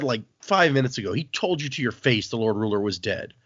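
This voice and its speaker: Animated man recapping a book. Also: medium pitch, a little fast, no echo. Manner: animated storytelling, acts out quotes. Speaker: podcast host. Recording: dull, dry lo-fi podcast audio.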